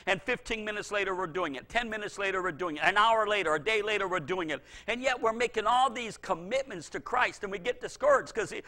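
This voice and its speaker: A man's voice: high-pitched, expressive, a little fast, hardly any pauses, pushed and bright. A middle-aged male pastor preaching a fervent sermon, repeating phrases for emphasis.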